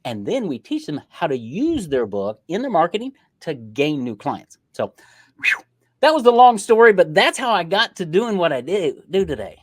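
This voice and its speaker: A middle-aged man, a podcast guest, telling his story in a lively way and acting out bits of dialogue. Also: a little high, normal speed, no echo. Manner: lively storyteller who acts out dialogue in changed voices. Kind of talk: casual interview storytelling.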